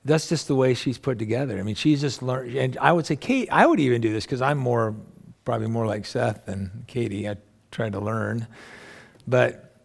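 A middle-aged pastor with a creaky, mid-range voice gives a conversational sermon at a moderate pace. He rambles in a folksy way, full of family anecdotes and asides.

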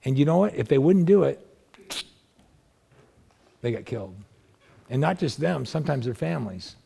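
A man's voice: big pitch swings, normal speed, creaky, warm tone, husky. A man preaching a sermon in a conversational way, asking the congregation questions and lifting his voice to drive points home. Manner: conversational preaching with rhetorical questions, pitch rising when stressing points. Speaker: pastor.

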